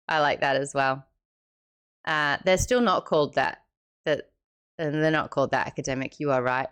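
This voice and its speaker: Aussie woman late 20s doing a chatty book stream, voice jumps all over the place, squeals sometimes. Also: fairly low pitch. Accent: Australian. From Australia. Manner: chatty and animated, with sudden squeals and quick asides. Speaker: book club livestream host. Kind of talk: casual livestream chat, reading out viewer comments.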